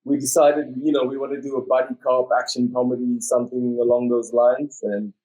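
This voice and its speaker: A man's voice: medium pitch, flat delivery, fairly quick, mellow, rough recording. A man with a South African accent, an actor guest bantering and joking through an interview. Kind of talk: casual interview chat.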